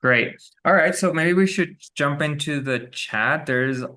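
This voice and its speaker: A man's voice: a little high, a little slow, sharp tone. A man hosting an interview over a video call, musing on his own experience and reading out questions from the chat. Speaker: interview host. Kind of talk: conversational interview.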